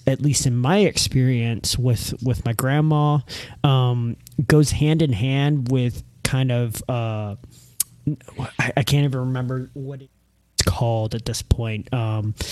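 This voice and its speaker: A man's voice: medium pitch, a little mellow, no echo. A man talking casually about a film on a podcast, rambling with many restarts and hedges.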